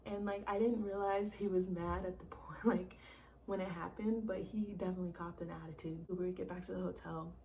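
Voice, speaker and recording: A young woman vlogging a casual storytime, talking in a chatty, animated way, full of "like" and swearing. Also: lowish voice, a little fast, a little hiss or hum.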